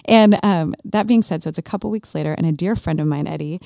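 A woman in her forties telling a personal faith story in casual conversation, animated and acting out her own past thoughts. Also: low voice, fast, gravelly, no room sound, clean studio sound. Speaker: guest sharing a faith testimony.

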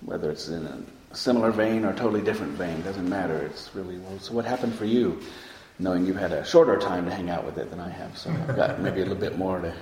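A man teaching as a meditation teacher, giving a dharma talk in a slow, reflective way, pausing often with soft fillers. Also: low voice, slight background noise. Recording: roomy hall with long reverb.

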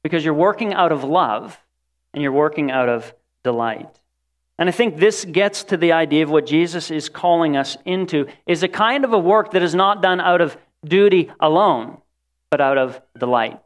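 Male preacher with a slightly high voice, animated sermon delivery, acts out quoted voices. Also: normal speed.

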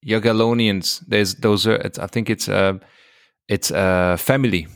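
A man from Hungary, co-hosting a podcast in a joking, teasing, relaxed way. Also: fairly low pitch, a little slow, smooth, no room sound, clean studio sound. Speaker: podcast co-host. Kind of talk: casual chat.

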